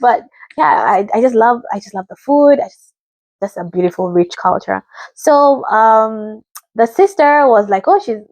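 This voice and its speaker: A woman's voice: fairly high pitch, measured pace, a little mellow, dry recording. Chatty rambling woman from Africa. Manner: rambling, chatty, often mimics what others said. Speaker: reality show reactor. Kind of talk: casual chat.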